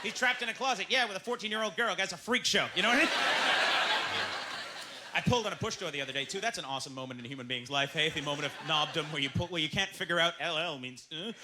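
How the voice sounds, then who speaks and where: A man from Canada doing a stand-up comedy set on a club stage, animated and slipping into silly voices. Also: fairly high pitch, fast. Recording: loud club crowd noise behind.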